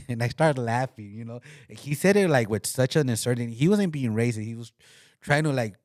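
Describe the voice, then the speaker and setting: A man's voice: mid-range voice, animated, moderate pace, a little mellow, no echo, studio quality. A man co-hosting a podcast in casual chat. He rambles, repeats words and laughs mid-sentence. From came to Utah. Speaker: podcast co-host.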